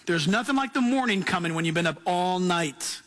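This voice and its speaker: A man preaching a sermon as pastor, telling stories with laughing, animated asides. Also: high voice, brisk.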